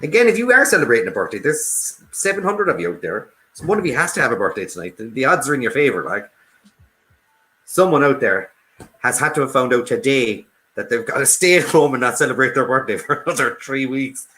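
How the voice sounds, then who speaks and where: A man's voice: medium pitch, very animated, fairly quick, sharp tone, slight background noise. Jokey Irish man hosting a quiz. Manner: jokey, laughs often, reads out viewer comments. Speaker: quiz host. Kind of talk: casual live-stream chat. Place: home.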